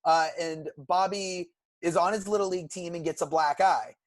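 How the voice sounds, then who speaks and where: A man's voice: high-pitched, fairly even intonation, normal speed, no room sound. A young man from California, co-hosting a podcast and eagerly retelling cartoon episodes in casual chat. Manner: enthusiastic, recounts plots at length. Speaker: podcast co-host.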